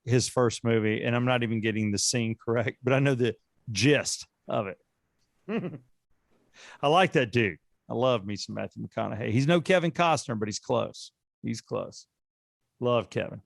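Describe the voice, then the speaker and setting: A man's voice: mid-range voice, normal speed, gravelly, dry recording, clean studio sound. A man co-hosting a podcast, joking around and rambling in a casual chat. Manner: joking, self-deprecating, rambling. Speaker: podcast co-host.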